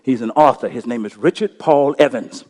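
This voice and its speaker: A male pastor telling a story during a sermon, impassioned, swinging between loud bursts and hushed passages. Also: medium pitch, normal speed.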